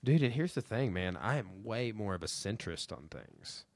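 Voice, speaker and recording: Man, young adult, podcast host, deep low voice, dry sound, rambling, filler-heavy, swearing. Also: animated, moderate pace, a little mellow, no room sound. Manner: rambling, lots of fillers and profanity. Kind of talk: casual chat.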